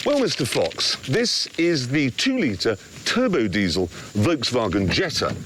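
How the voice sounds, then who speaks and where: A man's voice: mid-range voice, huge pitch swings, a little slow, few pauses, a bit bright, slight background noise. A man presenting a motoring TV show in a sardonic, theatrical way with mock outrage. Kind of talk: scripted TV presenting.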